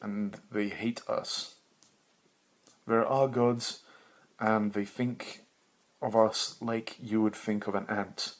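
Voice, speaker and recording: A man's voice: lowish voice, steady tone, slow pace, pauses often. A young man hosting a solo podcast, rambling in a meandering, profane, self-mocking way with bursts of laughter. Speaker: podcast host.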